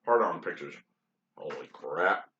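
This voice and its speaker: A man's voice: extremely low pitch, lively intonation, unhurried, pushed and bright, a little hiss or hum. A man hosting a casual podcast, rambling frankly over old photos with many ums and asides. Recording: dull, lo-fi, roomy sound.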